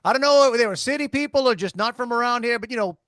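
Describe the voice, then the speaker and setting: A man's voice: extremely high pitch, fast talker, dry recording, studio quality. A middle-aged man with a South Louisiana accent, co-hosting a podcast and telling stories with many restarts. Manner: storytelling, animated, many restarts. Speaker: podcast co-host. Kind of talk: casual chat.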